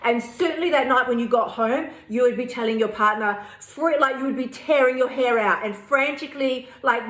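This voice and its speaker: A woman's voice: a little high, fairly quick, few pauses, fairly bright tone. A woman hosting her own podcast, chatty and frank, with slang and swearing. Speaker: podcast host. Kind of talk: energetic solo podcast talk. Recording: roomy echo.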